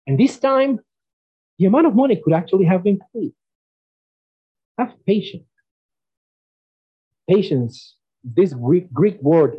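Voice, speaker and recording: A male preacher delivers a sermon, emphatic and lively, with his pitch jumping up and down as he asks the congregation questions. His voice is a little high and husky. The recording sounds somewhat dull and lo-fi.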